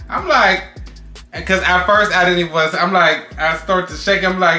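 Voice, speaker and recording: A man co-hosting a storytime vlog, talking animatedly and yelping loudly when he reenacts moments. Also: on the high side, steady tone, moderate pace, echoey room, faint music behind. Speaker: vlog co-host. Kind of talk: casual storytime chat.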